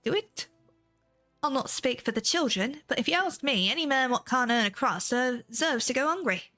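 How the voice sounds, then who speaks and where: A woman doing a gruff grumbling commoner man. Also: high voice, animated, normal speed, pushed and bright, faint music behind, exaggerated voice. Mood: scornful. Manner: gruff, rough dialect.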